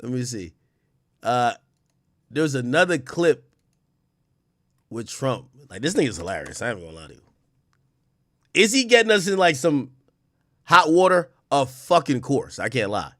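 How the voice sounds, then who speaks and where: A man's voice: medium pitch, big pitch swings, moderate pace, pauses often, a bit bright, no echo, studio quality. A man streaming, reacting to news clips with incredulous, profane, laughing commentary.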